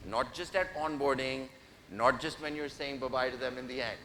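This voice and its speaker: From the stage of a large conference hall, a keynote speaker teases his audience playfully and tells them what to do. He talks at normal speed in a mid-range, fairly bright voice, and the sound is reverberant with faint noise.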